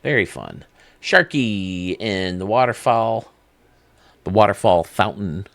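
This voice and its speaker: A man's voice: on the low side, very animated, takes it slowly, vocal fry, fairly bright tone, no room sound. A man hosting a video game channel, giving casual, enthusiastic commentary that rambles as he thinks aloud.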